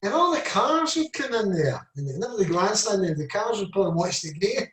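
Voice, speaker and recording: Here a Scottish ex-footballer in his seventies rambles through stories during a relaxed interview, constantly saying "I said" and "you know." He speaks a little fast in a high, fairly bright voice with big swings in pitch. The room is echoey and the microphone sits at a distance.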